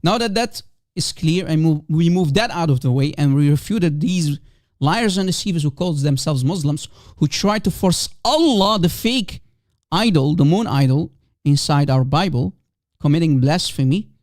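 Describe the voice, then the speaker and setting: A man's voice: fairly high pitch, lively intonation, moderate pace, darkish tone, no echo, studio quality. A man whose first language is Aramaic hosts a live call-in stream, talking emphatically and repeating rhetorical questions to his audience.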